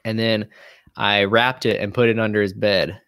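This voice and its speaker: A man in his twenties, a guest musician, telling stories casually with animated, profane energy. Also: on the low side, normal speed, clear, resonant tone, no room sound, clean studio sound. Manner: animated, profane, mimics people in quotes. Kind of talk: casual storytelling chat.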